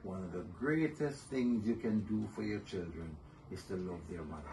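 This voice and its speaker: An older man speaks in a low voice as an interview guest, his stories gentle and measured. He chuckles often. The mic sits a little off, and a faint hiss runs underneath. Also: gravelly. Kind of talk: reflective interview storytelling. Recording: somewhat distant mic with faint noise.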